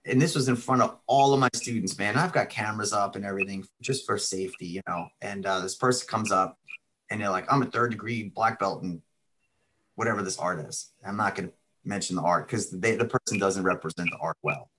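A man's voice: on the low side, a little fast, a bit bright. A middle-aged man who owns a martial arts school, casually telling stories in an interview, laid-back and chatty. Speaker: martial arts school owner, podcast guest.

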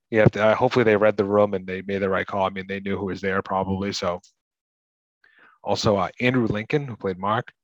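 An American man co-hosting a casual film discussion, chatty, often restarting and clearing his throat. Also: on the low side, no room sound, muffled recording. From United States. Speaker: podcast co-host.

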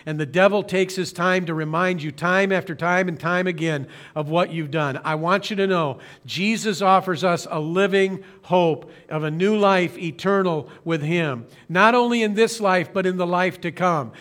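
Male pastor with a higher-pitched voice, earnest and slow-phrased sermon delivery, occasional self-corrections. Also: a bit bright. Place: church streaming service.

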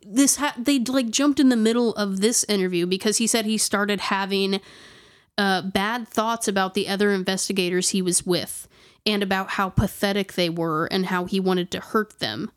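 A woman's voice: mid-range voice, steady tone, moderate pace. A woman tells a spooky story to a friend in a loose, chatty way. She trails off, restarts her sentences and leans on "like" constantly. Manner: rambling, many "like" fillers and restarts. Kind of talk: casual storytelling chat.

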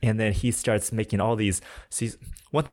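A young man with a fairly low voice tells stories from the trail as a podcast guest. He talks casually and animatedly, and he fills his sentences with "like". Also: moderate pace. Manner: animated, heavy use of filler "like". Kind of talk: casual storytelling.

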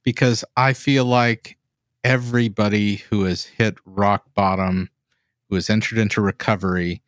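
A man's voice: on the low side, steady tone, moderate pace, no room sound, studio quality. A man co-hosting a podcast, earnest and reflective, cutting in to make his point. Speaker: podcast co-host. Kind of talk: conversational interview.

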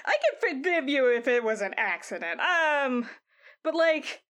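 A woman's voice: high voice, big pitch swings, unhurried, fairly bright tone, exaggerated voice. A woman voicing a protective, exasperated woman who leads a crew, stammering, rambling and swearing casually in a tabletop game. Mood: uneasy.

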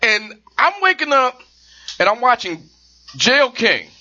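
Animated joking man, bright lo-fi voice. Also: extremely high pitch, a little slow. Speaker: podcast co-host. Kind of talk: casual comedic chat. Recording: dull lo-fi sound.

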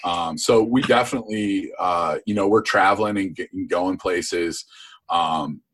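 A man's voice: low-pitched, a little slow, a bit bright. A man guest on a podcast, talking casually and rambling with many fillers about his coaching course. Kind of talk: casual interview chat.

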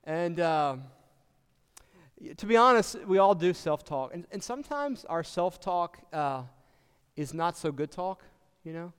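A man's voice: on the high side, big pitch swings, measured pace, smooth, in a large hall. A man preaching a sermon as pastor, talking conversationally and asking his listeners questions. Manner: conversational, asks the congregation questions.

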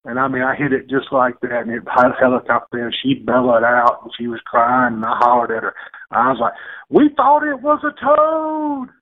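A man's voice: mid-range voice, monotone, a little fast. Man telling a rambling story. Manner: rambling, folksy, lots of restarts and quoted voices. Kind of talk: casual storytelling. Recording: tinny phone-like radio sound.

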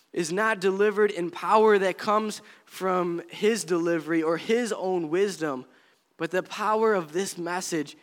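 A man preaching a sermon in an earnest, conversational way, as a pastor speaking to his congregation. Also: high voice. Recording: long hall reverb.

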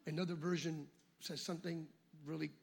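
A man preaching a sermon as pastor, swinging between shouted exhortation and hushed asides. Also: on the high side, flat delivery, fairly quick, gravelly, slightly rough.

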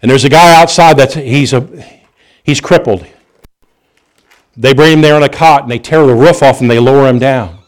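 A man's voice: mid-range voice, normal speed. Storytelling male preacher. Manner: storytelling, animated, with restarts and chuckles. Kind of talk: sermon.

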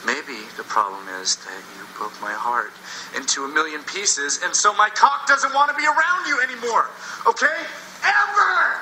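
A man putting on a shrill, heartbroken falsetto shriek. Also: very animated, normal speed, sharp tone, a little hiss or hum, full character voice, poor audio. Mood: shrill hurt. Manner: whiny, overwrought.

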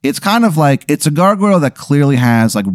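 A man hosting a podcast, spinning an improvised comic story in a loose, animated way, full of "like" and swearing. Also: on the high side, fairly quick, dry recording, clean studio sound. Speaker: podcast host.

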